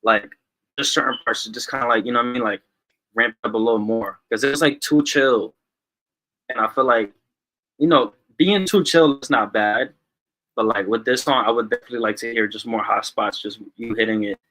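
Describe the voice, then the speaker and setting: A man hosting a music review livestream, talking loosely and full of filler words. His voice is bright and forward. He sounds like he is on a video call. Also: medium pitch, moderate pace, poor audio. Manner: talkative, lots of "like" fillers. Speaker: music review show host. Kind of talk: casual livestream music critique.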